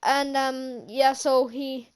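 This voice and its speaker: A woman's voice: high voice, flat delivery, slow pace. A woman casually recapping a movie for her vlog, rambling with many fillers and restarts and chuckling now and then. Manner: chuckles often while recounting scenes. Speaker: channel host, film reviewer.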